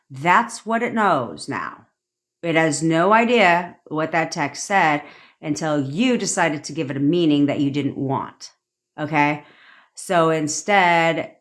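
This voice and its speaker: A young adult woman coaching viewers in a casual livestream rant, blunt and profane, acting out the thoughts she quotes. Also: deep voice. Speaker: manifestation coach.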